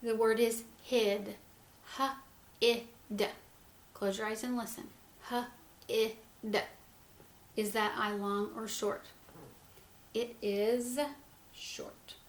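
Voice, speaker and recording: A woman teaching young children phonics, speaking slowly and sounding out each word letter by letter in a gentle, encouraging way. Her voice sits a little high. The recording is echoey, with faint room ambience behind her. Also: little pitch movement. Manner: slow, sounds words out letter by letter.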